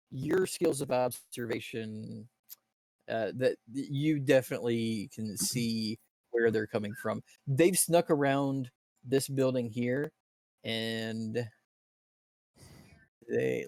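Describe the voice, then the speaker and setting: Man, dungeon master, tabletop game narration, halting with fillers, dry close sound. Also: mid-range voice, vocal fry, a little mellow, dry recording. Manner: descriptive, halting with fillers and restarts.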